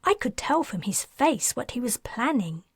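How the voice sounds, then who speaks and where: A woman's voice: on the high side, very animated, moderate pace, husky, dry recording, studio quality, pitched above the performer's own voice, full character voice. A woman reading an eager thirteen-year-old girl who keeps chiming in. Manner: chimes in, eager.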